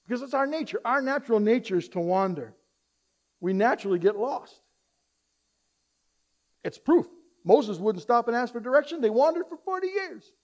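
A man preaching a sermon, swinging between loud urgent appeals and soft hushed asides, acting out quoted voices and having the congregation repeat lines after him. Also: very high-pitched, expressive, moderate pace, long pauses. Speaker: pastor.

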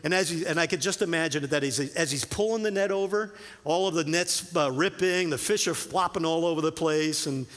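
A man's voice: on the high side, brisk. Male pastor preaching in a reverberant hall. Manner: conversational, animated storytelling with filler words and restarts. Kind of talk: sermon.

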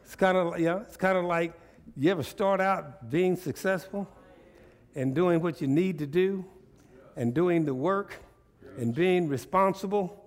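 A male pastor preaching a sermon, animated and repetitive, drawing responses from the congregation. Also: high voice, unhurried.

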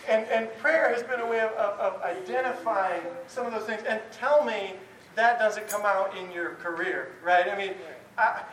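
A man's voice: high-pitched, a bit bright. A man who teaches Bible, giving an informal talk to a class in a candid, chatty way with frequent chuckles and restarts. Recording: roomy, distant mic, faint background noise.

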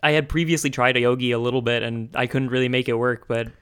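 A man's voice: mid-range voice, steady tone, fast, fairly bright tone, smooth. A man hosting a podcast in casual chat, enthusiastic and laughing often, with rambling explanations. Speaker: podcast host.

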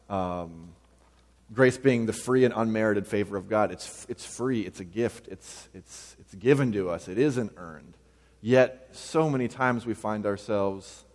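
A man in his thirties preaching a conversational sermon, telling personal stories with loose fillers. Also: on the low side. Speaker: pastor. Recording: long hall reverb.

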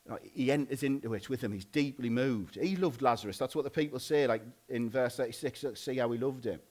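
Male preacher, relaxed conversational sermon delivery, average pitch. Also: fairly quick. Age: adult, married. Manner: informal, conversational, frequent "like" and restarts.

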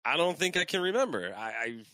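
A man's voice: on the high side, big pitch swings, brisk, bright, forceful tone, no room sound, pitched above the performer's own voice. A man voicing a cocky, wisecracking masked male antihero with a jokey, flirty, rambling manner. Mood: joking.

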